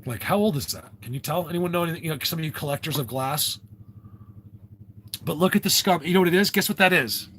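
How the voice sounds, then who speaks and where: A man's voice: a little high, fast talker, fairly bright tone, slight background noise. A man hosting a casual livestream, rambling and ranting to his viewers with frequent restarts. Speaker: livestream host.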